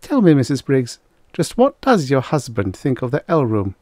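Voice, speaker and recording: A man's voice: mid-range voice, wildly swooping pitch, normal speed, a little mellow, no echo, studio quality, pitched above the performer's own voice. A man voicing a prim, severe middle-aged female schoolteacher who speaks icily and precisely. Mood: icy, prim.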